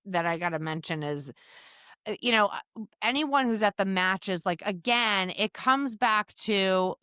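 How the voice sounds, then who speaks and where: Female co-host, emphatic casual talker, mid pitch that moves a lot. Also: unhurried, clean tone, no room sound, studio quality. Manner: lively, many restarts, emphatic. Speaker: podcast co-host, dog trainer and match judge. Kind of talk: casual chat.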